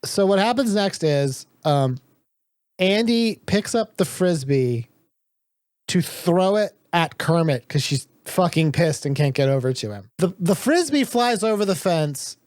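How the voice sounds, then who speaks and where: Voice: mid-range voice, animated, a little slow, darkish tone, dry recording, studio quality. A podcast co-host giving a loose, casual plot recap, swearing freely. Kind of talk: casual book recap chat.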